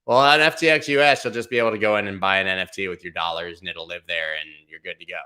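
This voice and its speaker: Bright-voiced man hosting casual crypto news. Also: sits low, fast, clear, resonant tone. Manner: animated, joking asides, addresses viewers as guys. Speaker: crypto news show host.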